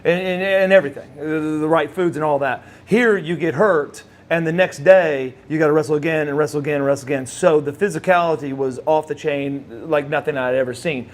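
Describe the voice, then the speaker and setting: A man's voice: on the high side, brisk, hardly any pauses. A middle-aged man, a former wrestler, telling stories in a rambling way with many fillers and restarts. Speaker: former wrestler, interview guest. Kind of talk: casual storytelling.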